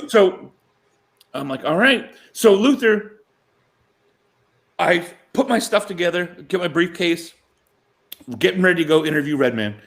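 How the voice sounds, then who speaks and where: A man's voice: high-pitched, normal speed, long pauses. Man chuckling through a story. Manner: animated anecdote-telling, chuckling mid-sentence. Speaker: sports show co-host. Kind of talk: casual storytelling chat.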